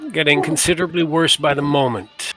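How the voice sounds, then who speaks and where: A man's voice: a little high, brisk, music in the background, pitched above the performer's own voice, close to an everyday voice. A man voicing a fussy, snobbish undead passenger who speaks with clipped, strained politeness. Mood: irritated.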